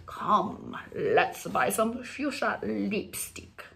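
A woman's voice: mid-range voice, lively intonation, drawn-out words, vocal fry, fairly bright tone, exaggerated voice. A woman putting on a gushing posh fashionista.

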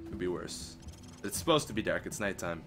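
A man's voice: low-pitched, expressive, fairly quick, vocal fry, music in the background. Joking young Canadian man gaming. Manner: joking, mimics game lines. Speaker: gamer playing a shooter. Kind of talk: casual gameplay commentary.

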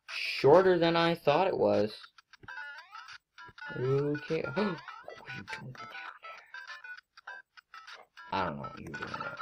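A woman giving excitable let's play commentary as she plays, scolding herself and yelping at her mistakes. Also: rumbling low, a little slow, pauses often, faint music behind. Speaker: gaming video creator.

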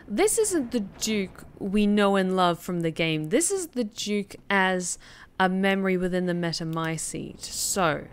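A woman with a mid-pitched voice chats her way through a horror game stream, thinking out loud about lore. Her talk is relaxed and musing, with faint game ambience beneath. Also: slight background noise. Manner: chatty, musing, theorizing aloud. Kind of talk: casual let's-play commentary.

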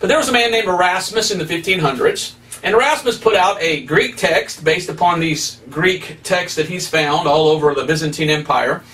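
Male evangelist, fairly high voice, emphatic preacherly delivery, mic a little far off. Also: a bit bright. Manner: emphatic, preacherly, with rising stresses. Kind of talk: preaching Bible study.

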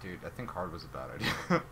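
A young man casually commentating a video game, rowdy, joking and shouting now and then. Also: deep voice, big pitch swings, moderate pace. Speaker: gamer. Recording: noisy gameplay capture.

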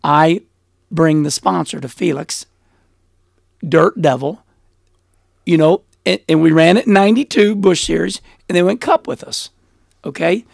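A middle-aged man as an interview guest, telling stories in a blunt, animated way and laughing often. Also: a little high, a little slow, gravelly, long pauses, dry recording, studio quality. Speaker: interview guest, former race car driver. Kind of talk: casual storytelling interview.

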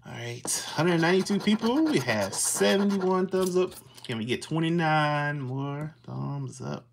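Streamer; unhurried, fry-heavy voice; casual, methodical symbol calls. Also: mid-range voice, lively intonation, a little hiss or hum. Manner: slowly reads out scratch-off symbols and greets chat viewers. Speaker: livestream host. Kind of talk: casual livestream commentary.

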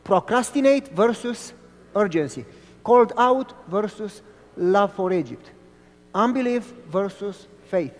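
A man preaching a sermon who tells stories in an animated way and asks the audience questions. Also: sits high, measured pace, long reverb tail.

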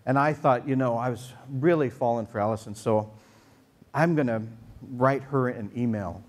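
A man's voice: medium pitch, normal speed. A male pastor preaching a sermon to a congregation in a church, joking and telling stories in a conversational way. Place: church sanctuary before a congregation.

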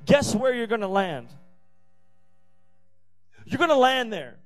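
A man preaches to young people in a high, bright register. He hammers points home through repetition and breaks in with playful asides. Faint music sits underneath his voice. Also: very animated, a little slow, pauses often, rough recording. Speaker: youth pastor. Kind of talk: youth sermon. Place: youth service venue.

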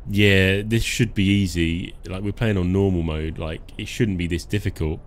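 Low-voiced joking gamer streaming live. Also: male voice, steady tone, normal speed. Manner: joking, chuckles often, self-talk while playing. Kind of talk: casual live game commentary.

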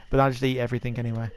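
A man hosting a relaxed video-game playthrough, chatting casually with his co-player. He jokes freely and reads on-screen dialogue aloud in a mid-pitched voice. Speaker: let's-play host. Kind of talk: casual gameplay commentary.

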